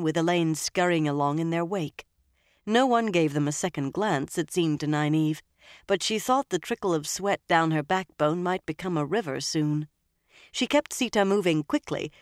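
An audiobook narrator reading a fantasy novel in a steady, measured way. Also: medium pitch, no echo, studio quality. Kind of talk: scripted narration.

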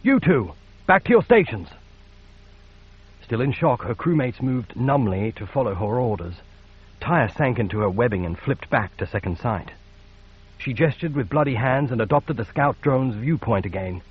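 A man narrating a science fiction audiobook in a measured, steady read. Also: medium pitch, breathy edge, highs cut off. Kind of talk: scripted narration.

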